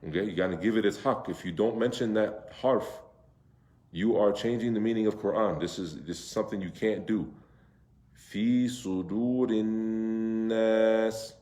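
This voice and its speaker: A man teaching Quran recitation to a class, drawing out Arabic words slowly and asking his students questions. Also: fairly low pitch, darkish tone. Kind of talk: interactive class lesson. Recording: echoey room.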